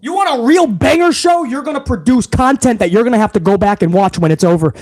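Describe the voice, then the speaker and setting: A man's voice: very high voice, lively intonation, fast talker, a little mellow. A man hosting a wrestling vlog, ranting in heated, profane commentary.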